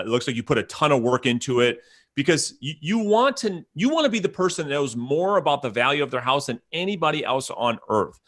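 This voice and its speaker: A man's voice: mid-range voice, fairly bright tone. A man hosting a live audio-room mastermind, coaching his listeners with emphatic, persuasive urgency. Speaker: host.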